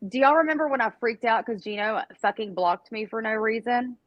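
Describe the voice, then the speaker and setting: A woman co-hosts a casual live chat, excitable and never shy about swearing. Her voice sounds dry and close, with little room around it. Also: fairly high pitch, a little fast, no echo, muffled recording.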